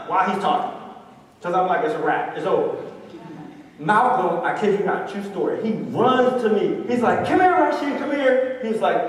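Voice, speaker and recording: A man, giving a lively storytelling talk with call-and-response to a student audience. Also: a little high. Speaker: motivational speaker. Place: large hall with audience. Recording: echoey hall recorded from far off.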